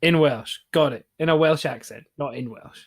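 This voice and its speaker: A man's voice: fairly high pitch, normal speed, slightly rough. A man from Scotland, a podcast guest, curiously asking questions in casual chat. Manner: curious, asks lots of questions.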